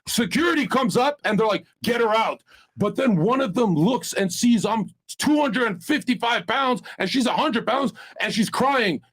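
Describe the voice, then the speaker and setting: A man on a streamed panel telling a long crude story, loud and profane, laughing as he goes. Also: very high voice, lively intonation, moderate pace, hardly any pauses, slightly rough. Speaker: panel guest.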